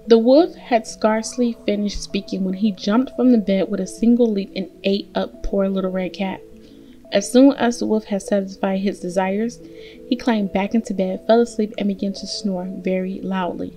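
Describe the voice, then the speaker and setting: A woman reading a fairy tale aloud as storyteller, gentle and steady. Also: mid-range voice, moderate pace, soft background music.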